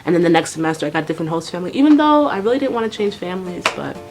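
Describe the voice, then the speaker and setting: A young woman vlogger telling a storytime tale in a lively way, acting out voices and sounds. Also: fairly low pitch, racing. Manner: animated, acts out voices and sounds. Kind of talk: storytime vlog.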